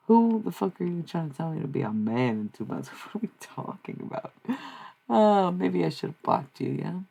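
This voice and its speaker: Woman livestreamer, husky and low, casual and blunt, swears easily. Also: animated, a little slow, dark tone. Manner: blunt and profane, musing aloud. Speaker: streamer giving psychic messages.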